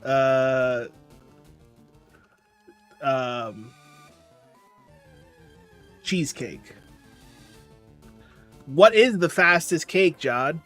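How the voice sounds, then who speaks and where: A man's voice: mid-range voice, animated, takes it slowly, long pauses, a bit bright. A tired young man chatting casually on a livestream, reading chat and rambling along. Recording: music playing faintly behind. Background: faint background music.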